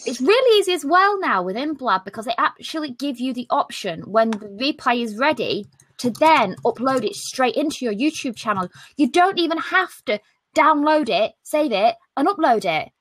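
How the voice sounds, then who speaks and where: A British woman hosts a live stream over a video call, and her voice rides high and swings widely as she talks. She sounds bright and brash, cracking jokes and throwing in mild swears. The sound is dry and close, with no room behind it. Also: sing-song, moderate pace, dry recording. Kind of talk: casual live stream chat.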